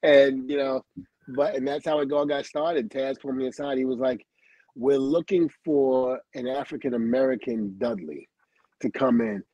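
A man's voice: medium pitch, no room sound, lo-fi sound. A middle-aged man telling stories from his career as a livestream guest, acting out what others said and laughing often. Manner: lively storyteller who acts out quoted dialogue, laughs often, swears.

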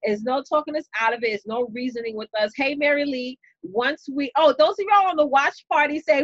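Animated New York woman chatting to viewers. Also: high-pitched, fairly quick, few pauses, dry recording, dull audio. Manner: animated, chatty, talks straight to viewers with y'all and you know. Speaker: business coach and live-stream host. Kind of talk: casual live-stream storytelling.

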